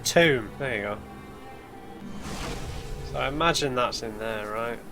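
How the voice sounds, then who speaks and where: A man's voice: mid-range voice, a little slow. A man thinking aloud as he plays a story game blind, musing over clues and muttering asides to himself. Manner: musing aloud, thinking things through as he explores. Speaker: let's play gamer. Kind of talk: blind let's play commentary. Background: eerie game music and hymns.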